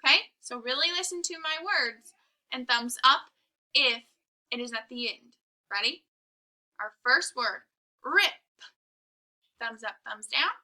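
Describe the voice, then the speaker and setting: Brief: young woman teacher, high and very bright voice, slow and clear sounding-out for early readers. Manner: slow, exaggerated sounding-out of letters and words. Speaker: kindergarten teacher. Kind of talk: recorded phonics lesson for young children.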